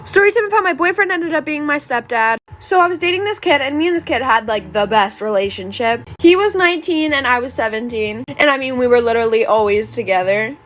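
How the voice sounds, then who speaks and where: A woman's voice: high-pitched, lively intonation, a little fast, few pauses, a bit bright. A young woman telling a storytime in a chatty, casual way. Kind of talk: storytime narration.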